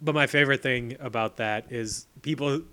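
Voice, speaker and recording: A man's voice: medium pitch, a little fast, bright, forceful tone, smooth. A man co-hosting a podcast, recapping a movie's plot in wry, laid-back casual chat. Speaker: podcast co-host.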